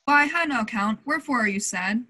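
A genial, scheming prince, played by a teenage girl, stately and fond of matchmaking. The voice is high. It comes over a home video call for a school play. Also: lively intonation, moderate pace, sharp tone. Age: late teens. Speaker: student actor.

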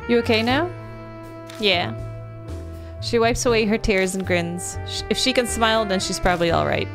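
Woman gamer reading the story out loud, mid pitch, yelps and swears when stuff happens, faint music under it. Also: fairly quick. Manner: animated, bursts into loud exclamations and swearing. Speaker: gaming video creator. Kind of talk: reading a visual novel aloud with live reactions.

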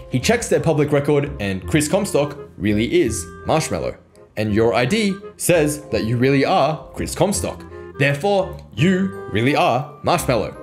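Brash, animated male explainer. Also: medium pitch. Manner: brash, joking storyteller with frequent swearing. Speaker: copywriting coach, video host. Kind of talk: casual explainer video.

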